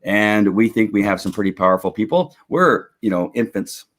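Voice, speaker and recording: A man's voice: on the low side, lively intonation, moderate pace. A middle-aged man hosting a casual livestream, rambling with lots of restarts and chuckles. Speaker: host of a faith and politics livestream.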